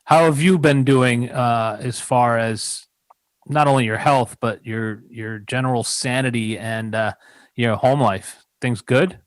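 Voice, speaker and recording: A man hosting a casual podcast chat, asking easygoing, halting questions. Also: mid-range voice, steady tone, no echo. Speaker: podcast host.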